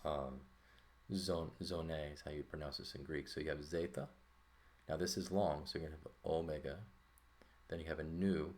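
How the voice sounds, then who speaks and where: A man teaching a Greek lesson in a relaxed, thinking-aloud way, with fillers and checks like "right?". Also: very deep voice. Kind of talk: casual lesson walkthrough.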